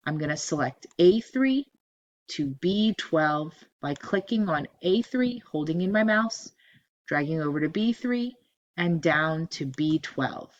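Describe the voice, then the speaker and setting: A woman teaching a spreadsheet lesson over a screen recording, giving steady step-by-step instructions and repeating cell ranges as she goes. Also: fairly low pitch, dull audio. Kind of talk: screen-recorded software tutorial.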